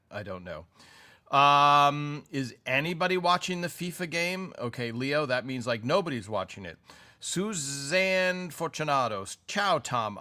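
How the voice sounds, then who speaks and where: Chatty American male stream host with a very bright, forward tone, greeting viewers and riffing on comments. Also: mid-range voice. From United States. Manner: chatty, reads comments aloud, self-corrects. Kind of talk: casual live stream chat.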